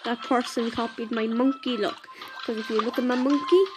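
Woman, casual gameplay chatter, excitable, loud background game music. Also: fairly high pitch, normal speed, rough recording. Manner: chatty and excitable, talking to viewers while playing. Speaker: gameplay video maker.

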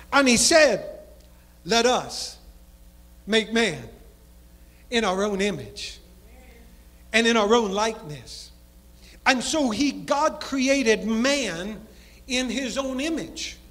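A pastor preaches in a strikingly high voice, leaning into long cadenced phrases. He sinks low and quiet on key words, then surges faster. His voice rings out with a long church reverb around it. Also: expressive. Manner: preaching cadence, drops low and soft for emphasis, then speeds up. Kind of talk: sermon.

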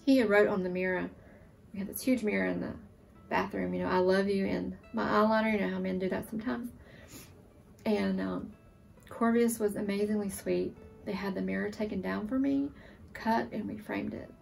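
A woman in her forties, a surviving military spouse, giving an emotional, earnest testimonial, sometimes halting. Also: mid-range voice, steady tone, vocal fry, darkish tone, far from the mic, faint music behind. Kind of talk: testimonial interview.

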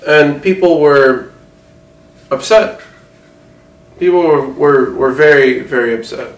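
A man's voice: a little high, takes it slowly, reverberant, far from the mic, poor audio. A man playing a rambling, self-important older film mogul in a satirical mock interview, distracted and defensive.

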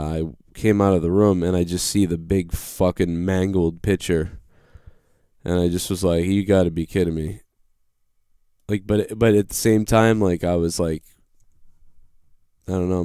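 A man's voice: low-pitched, a little mellow, smooth, dry recording, studio quality. A man in his thirties with a Boston accent, hosting a live show and telling a rambling, profane story about his own mishaps. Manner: rambling, profane, self-deprecating. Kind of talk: casual live-stream storytelling.

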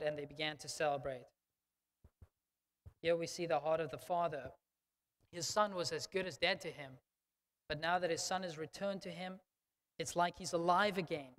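A man's voice: fairly high pitch, normal speed, fairly bright tone. A male pastor preaching a sermon in an emphatic, conversational way, often checking in with the congregation. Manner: emphatic, conversational, frequent "okay?". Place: church sanctuary. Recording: long church reverb.

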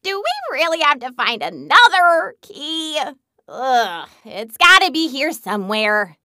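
A woman's voice: high voice, very animated, slow pace, bright, forceful tone, full character voice. A woman voicing a hyper, gleeful young huntress in a video game who loves smashing things, bubbly and bouncy. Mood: chatty. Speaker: game character.

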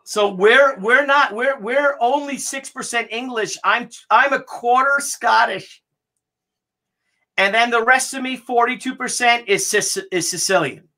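A man hosting a casual family chat, excited and teasing, who keeps stalling with "hang on". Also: very high voice, a little slow. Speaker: host.

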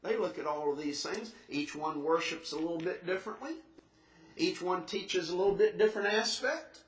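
A man preaching a sermon in a church, earnest and emphatic, slowing down to stress scripture and rising into questions. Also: sits high, recorded from a distance. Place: church sanctuary. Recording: echoey church recorded from afar.

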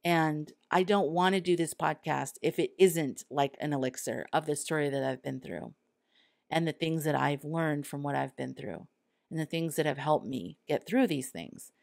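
A woman's voice: deep voice, normal speed, creaky, darkish tone, no echo, clean studio sound. A woman hosting her own podcast, talking earnestly and candidly, sometimes acting out quoted thoughts. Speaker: podcast host. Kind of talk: solo podcast monologue.

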